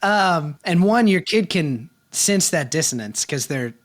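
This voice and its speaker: A man's voice: fairly high pitch, lively intonation, measured pace. A man in his thirties co-hosting a podcast, talking candidly and with self-deprecation in casual chat. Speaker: podcast co-host.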